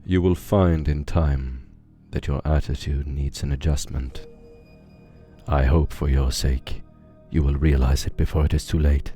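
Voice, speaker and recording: A man voicing a stern, pious old male archconfessor who speaks in a grave, measured, disapproving way. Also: extremely low pitch, steady tone, warm tone, faint music behind. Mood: stern warning.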